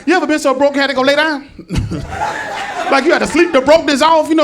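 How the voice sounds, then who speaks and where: A man works a stand-up set, telling rambling everyday stories in a loose, animated way and slipping into quick voices for the people in them. His speaking voice sits very high for a man. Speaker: stand-up comedian.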